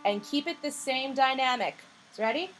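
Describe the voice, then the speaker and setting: A woman's voice: sits high, expressive, moderate pace, over loud music. A woman voice teacher giving a singing lesson in a patient, coaching way, her voice a little scratchy. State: slightly scratchy voice.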